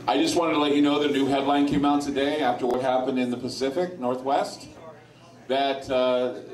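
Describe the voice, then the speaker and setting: A man hosting an informal talk in front of a live audience at a sports lounge, speaking bluntly, with crude asides. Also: medium pitch. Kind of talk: informal talk to a bar crowd. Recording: echoey room, voice far from mic.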